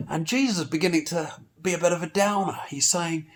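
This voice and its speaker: Guy doing a kids' church lesson, kinda high voice, playful and animated, lots of exclaiming. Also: brisk. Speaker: children's church teacher. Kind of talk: storytelling Bible lesson for children.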